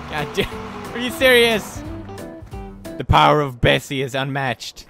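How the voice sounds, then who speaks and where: A young man in his twenties giving loud, goofy, swearing commentary while he plays a game. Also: medium pitch, lively intonation, slow pace, vocal fry. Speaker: gaming video host. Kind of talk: gameplay commentary. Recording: game music in the background.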